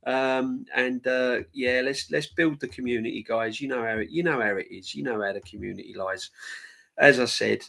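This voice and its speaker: A man hosts a laid-back live-stream chat. He rambles in a chatty, easygoing way. His voice sits at a middle pitch and comes through a remote streaming mic. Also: moderate pace, creaky, sharp tone. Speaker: host.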